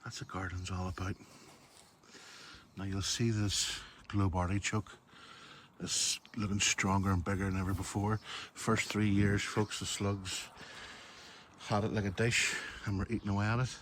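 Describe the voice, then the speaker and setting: Northern Irish man, lowish voice, chatty garden vlogger on a phone outdoors, faint outdoor noise. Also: flat delivery, moderate pace, fairly bright tone. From Northern Ireland. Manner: chatty, keeps addressing viewers as folks. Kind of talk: casual walk-through garden tour. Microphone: phone camera held while walking.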